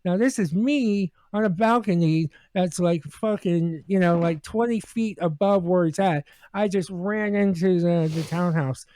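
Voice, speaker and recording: A man with a high voice tells a story in casual podcast chat, stumbling over restarts and fillers and growing animated when he acts out what people said. The sound is dry and close, with no room around it. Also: no room sound. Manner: halting, with many restarts and fillers; animated when acting out quotes. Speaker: regular co-host telling a story.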